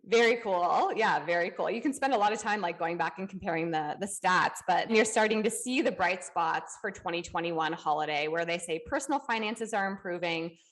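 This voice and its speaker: Low-voiced, reflective woman co-host. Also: fairly bright tone. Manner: measured, reflective, uses "you know" fillers. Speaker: podcast co-host. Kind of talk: casual conversational podcast.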